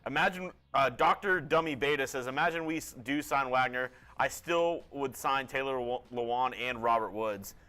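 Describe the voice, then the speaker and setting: A male co-host on a live sports stream, his voice bright and forceful at a middle pitch. He reads out viewer comments and thinks them through aloud in a casual way. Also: moderate pace, few pauses. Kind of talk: live sports news chat.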